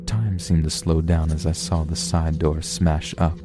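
Deep, slow male horror narrator. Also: flat delivery. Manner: slow, grave storytelling. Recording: music playing behind.

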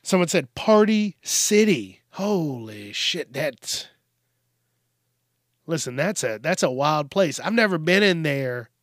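A man's voice: on the high side, takes it slowly, no room sound, studio quality. A man hosting a podcast, ranting in a casual, profane monologue and acting out rude customers. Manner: profane, animated, acts out quoted rude customers. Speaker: podcast host.

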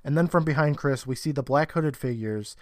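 A man's voice: mid-range voice, a little fast, dry recording, clean studio sound. A man co-hosting a podcast, casually retelling a TV episode and acting out the characters' lines with bursts of laughter. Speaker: podcast co-host. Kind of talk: casual recap chat.

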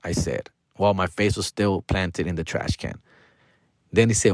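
A man's voice: low voice, fairly even intonation, normal speed, no echo. Man in his forties, podcast host, casual profane monologue, slang and Spanish phrases, dry close sound. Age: 40s. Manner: profane, slangy, frequently addresses listeners as dog and fool.

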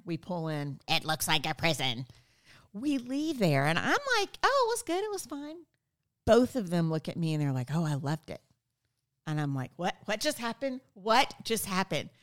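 A middle-aged woman, a podcast guest, telling stories in casual conversation and acting out quoted lines with lively energy. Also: lowish voice. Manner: animated, acts out quoted dialogue. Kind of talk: casual storytelling interview.

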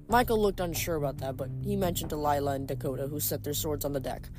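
A woman reading a novel aloud and adding rambling, expressive commentary between chapters. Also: low voice, quick pace, few pauses, over music. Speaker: audiobook reader.

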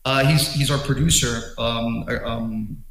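Excitable man telling stories, roomy sound. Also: medium pitch, measured pace. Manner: animated, excitable with many restarts. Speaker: drummer guest. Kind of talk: casual storytelling interview. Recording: roomy echo.

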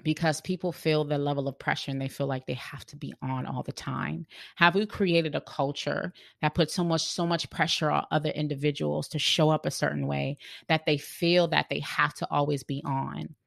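Earnest podcast host with a gravelly edge. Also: mid-range voice, fairly even intonation, normal speed, hardly any pauses, a bit bright, no echo, studio quality. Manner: earnest and searching, often restarting phrases. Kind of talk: reflective podcast monologue on leadership.

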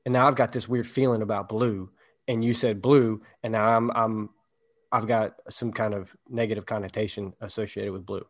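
A man's voice: on the low side, steady tone, moderate pace. Rambling, reflective podcast co-host, a man. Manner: rambling and reflective, explaining ideas with examples. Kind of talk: casual podcast chat.

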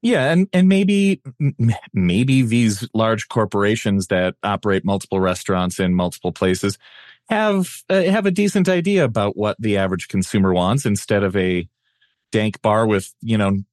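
Low-voiced easygoing man, wry chat. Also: lively intonation, normal speed, a little mellow, dry recording, clean studio sound. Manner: easygoing, hesitant restarts, wry. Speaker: podcast co-host. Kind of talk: casual chat.

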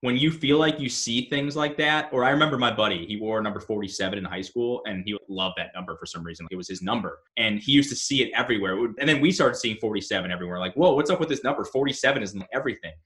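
A man chatting casually as co-host, wry, with a quick line of reasoning. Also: fairly low pitch, fairly bright tone. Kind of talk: casual chat.

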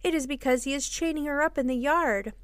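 A woman's voice: mid-range voice, very animated, normal speed, bright, forceful tone, smooth, no room sound, clean studio sound. Woman voicing a young boy. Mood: plain. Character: young boy, eager older brother.

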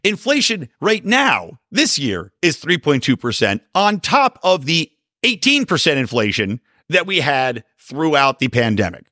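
A man's voice: fairly high pitch, measured pace, no echo, studio quality. A middle-aged man hosting a podcast, telling stories and ranting in a sarcastic, profane, casual way. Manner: profane, sarcastic, animated storytelling with sudden yelling. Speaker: podcast host.

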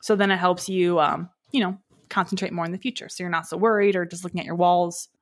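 A woman's voice: lowish voice, steady tone, fast. A young woman co-hosting a casual podcast chat, upbeat and jokey, laughing often. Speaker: podcast co-host.

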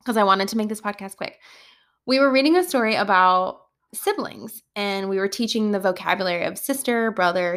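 A woman schoolteacher chatting through classroom stories on a casual podcast. Her voice sits at an ordinary pitch for a woman. She tells them in an animated way, laughing often and dropping in bursts of "oh my goodness.".

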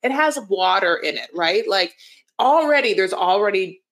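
A woman's voice: medium pitch, lively intonation, normal speed, a bit bright. A woman in her forties co-hosting a podcast, chatting loosely in a rambling way about a reality show and acting out quoted voices. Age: 40s. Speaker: podcast co-host. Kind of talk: casual chat recapping reality TV.

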